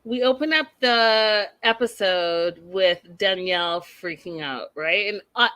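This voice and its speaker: A woman's voice: medium pitch, measured pace, pushed and bright, no echo. A woman hosting a live TV recap, chatting casually and animatedly, full of asides and filler words. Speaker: host of a live TV recap show. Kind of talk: casual chat, reacting to live chat.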